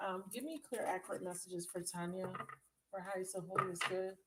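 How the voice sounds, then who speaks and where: A woman's voice: on the low side, steady tone, a little fast, very noisy. Chatty, blunt woman reading tarot live. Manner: chatty, blunt and swearing, laughs often, talks to viewers as baby. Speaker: tarot reader on a live stream. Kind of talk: casual live reading chat. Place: at home.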